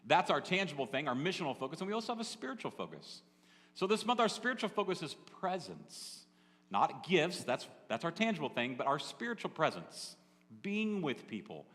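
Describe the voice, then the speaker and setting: A man's voice: a little high, big pitch swings, a little fast, a bit bright. A male pastor preaching a sermon in a church, telling a story in a chatty, conversational way and turning to the congregation with asides. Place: church sanctuary. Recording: echoey church hall.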